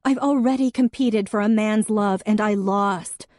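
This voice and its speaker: Woman doing an upset young woman, raised and sharp, audiobook dialogue. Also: fairly low pitch, normal speed, dry recording, studio quality, close to an everyday voice. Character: hurt, defensive young woman in an argument.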